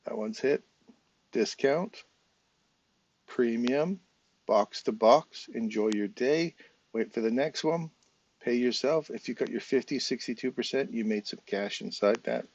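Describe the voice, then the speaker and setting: A man's voice: lowish voice, a little mellow, no echo, highs cut off. An English man with a casual, chatty manner, talking viewers through a trading chart live, step by step. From England. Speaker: trading educator.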